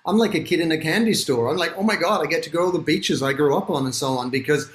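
Animated Australian man, roomy sound. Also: a little high, fast. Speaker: guest, author. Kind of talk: interview conversation.

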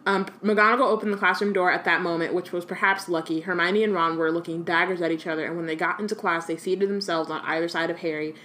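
A woman's voice: on the low side, quick pace, hardly any pauses, reverberant, a little hiss or hum. A woman co-hosting a podcast who chats casually, laughs often and reads passages from a book aloud. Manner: relaxed, laughs often, says "like" a lot. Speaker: podcast co-host reading aloud.

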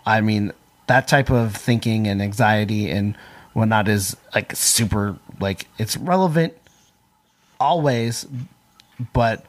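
A man in casual interview chat, halting and full of fillers, with a sarcastic streak. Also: fairly low pitch.

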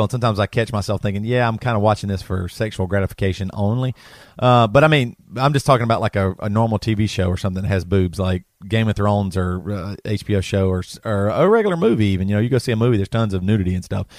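A man's voice: on the low side, lively intonation, fast talker, no echo, studio quality. A man with a South Carolina accent, hosting a podcast in casual, rambling talk that is full of restarts. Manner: rambling, self-correcting, laughs often. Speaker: podcast host.

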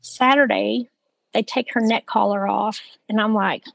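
A woman's voice: medium pitch, fairly even intonation, unhurried, vocal fry, dry recording, poor audio. A woman, speaking as the victim's sister and recounting what happened in a conversational way, with lots of fillers. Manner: conversational, with many "like" and "you know" fillers. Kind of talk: recounting a personal story.

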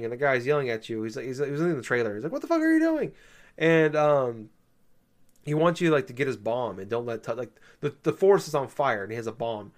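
A man in casual chat, rambling with many fillers, swearing and laughing as he recounts playing a game. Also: mid-range voice.

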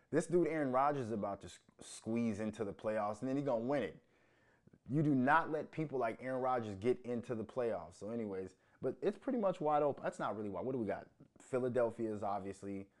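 A man's voice: on the low side, darkish tone. A man from Minnesota hosting his own show, ranting about sports with heavy profanity and rising heat. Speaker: show host.

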